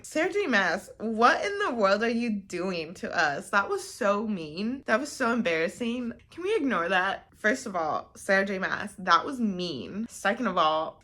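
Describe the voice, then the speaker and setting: A woman's voice: medium pitch, sharp tone. Give me a chatty woman book vlogger who reacts dramatically. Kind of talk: casual reading vlog.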